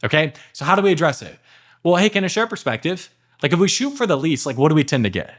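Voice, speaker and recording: A fairly high-pitched man coaching salespeople in a loose, punchy way, peppering his talk with "like" and "okay". He jumps into short acted-out exchanges with prospects, then snaps back to instruction. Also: fast. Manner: energetic, emphatic, acts out sales dialogue with many "like" and "okay" fillers. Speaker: sales trainer. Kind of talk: casual instructional talk to camera. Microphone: at a computer.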